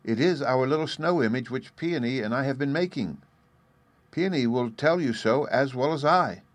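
A man's voice: medium pitch, animated, moderate pace, no echo, pitched above the performer's own voice, close to an everyday voice. A man putting on a sweet little girl. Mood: earnest.

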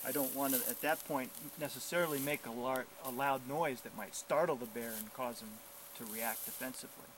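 A middle-aged man, a park bear biologist, calmly and clearly explaining hiking safety while outdoors on a forest trail. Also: mid-range voice, brisk, noisy background. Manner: calm, clear, instructive.

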